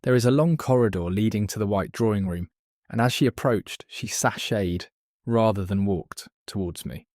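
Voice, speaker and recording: A man voices a blunt, crude former palace footman in a scornful mood. His fairly low, slightly mellow voice moves at normal speed and sounds close to everyday speech, captured as clean studio audio with no room sound.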